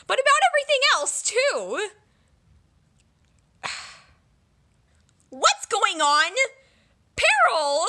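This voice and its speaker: A woman's voice: very high voice, pushed and bright. A woman doing a comedic parody dub of a dragon story, voicing every character herself with silly voices, shrieks and mutters. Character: cast of young dragons in a parody. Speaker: solo fan dubber voicing every character.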